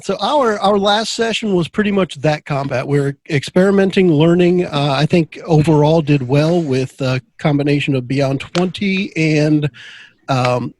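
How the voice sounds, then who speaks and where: A man's voice: a little high, measured pace, a little mellow, dry recording. A man hosting a tabletop game podcast as game master, chatting casually and rambling with frequent laughs.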